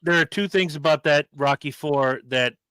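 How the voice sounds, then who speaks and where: A man co-hosting a casual podcast, talking in an animated way and quick to act out movie quotes. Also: fairly high pitch, smooth, no room sound. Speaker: podcast co-host. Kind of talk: casual chat.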